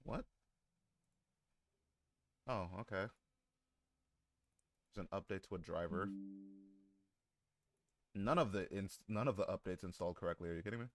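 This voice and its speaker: A man's voice: low voice, normal speed, pauses often. A man live-streaming who chats casually with his viewers, joking, swearing and laughing often.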